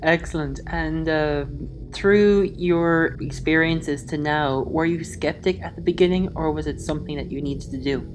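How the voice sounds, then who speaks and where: Low-voiced woman interviewer. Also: moderate pace, rough recording. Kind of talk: interview questions.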